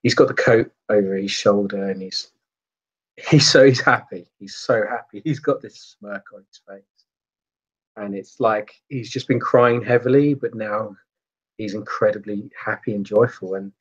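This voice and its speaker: A man narrating a tabletop role-playing game as game master, pausing and searching for words. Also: lowish voice, husky. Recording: dull lo-fi sound.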